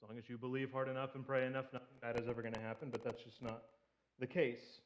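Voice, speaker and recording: A man's voice: mid-range voice, little pitch movement, fast, slight background noise. A man preaching a casual sermon in a church, joking and posing questions to the congregation. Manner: joking, conversational, asks the audience questions. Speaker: pastor. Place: church sanctuary.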